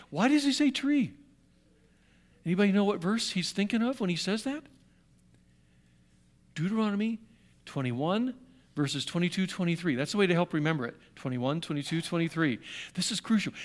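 High-voiced man preaching emphatically. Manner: emphatic, swings from hushed to loud; repeats phrases for emphasis. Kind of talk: sermon.

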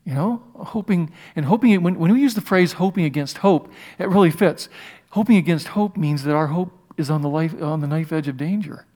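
A man preaching a sermon as pastor, telling a personal story with many halting restarts. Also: a little high, mellow. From United States.

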